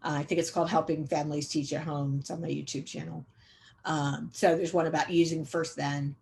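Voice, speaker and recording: Low-voiced middle-aged woman giving a training lecture. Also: level tone, brisk, vocal fry, a little mellow, a little hiss or hum. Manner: conversational, repetitive emphasis, frequent um fillers. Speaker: autism education trainer. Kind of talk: recorded training webinar lecture.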